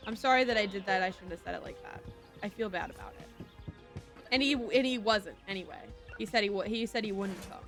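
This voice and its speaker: A woman's voice: medium pitch, brisk, fairly bright tone. A woman streaming a video game, chatting casually in a rambling way and apologizing often, with faint music behind her. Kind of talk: casual gameplay commentary.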